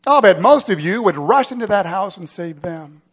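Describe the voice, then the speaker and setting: A male pastor's sermon comes through a dull, lo-fi recording, his high, ringing voice animated, slightly rough, and at normal speed. He raises the drama with rhetorical questions and urgent, vivid scenarios, climbing and dropping for effect.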